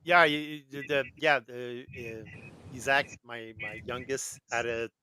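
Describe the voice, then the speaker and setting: Bright-voiced dad with faint hiss. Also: male voice, medium pitch, fairly even intonation, measured pace, rough recording. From Canada. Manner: repetitive, stumbling restarts. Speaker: podcast co-host. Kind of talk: casual chat.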